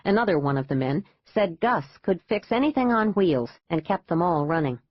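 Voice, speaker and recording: Woman, audiobook narrator, even measured reading, lowish voice, dull lo-fi sound. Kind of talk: scripted narration.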